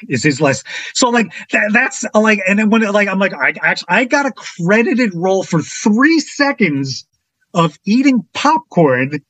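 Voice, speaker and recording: A man as a podcast guest telling a casual anecdote in an animated way, acting out the other people's lines with big jumps in his voice. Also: slightly rough, dry recording. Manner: animated, acts out quotes with big pitch jumps.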